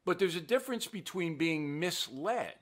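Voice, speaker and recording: A man's voice: on the high side, lively intonation, moderate pace. An older man hosting a political commentary show, blunt and emphatic, mocking what he dismisses. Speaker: host.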